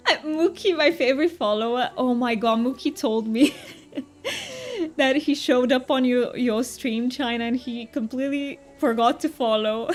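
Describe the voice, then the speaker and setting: Chatty woman streamer, slightly high voice. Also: lively intonation, a little slow. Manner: chatty, reads chat aloud and answers viewers, laughs often. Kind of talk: casual live-stream chat while gaming.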